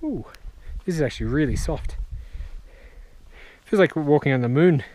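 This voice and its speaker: A young man narrating a travel vlog outdoors on a high mountain trail, upbeat and joking, short of breath from climbing, on a handheld camera mic. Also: lively intonation, normal speed, darkish tone, no echo. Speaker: travel vlogger.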